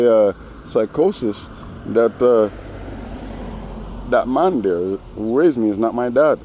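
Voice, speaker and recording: A man's voice: sits low, warm tone, slight background noise. A man vlogger telling a story in a casual, rambling monologue full of slang and frequent asides. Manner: rambling, street slang, frequent "you know".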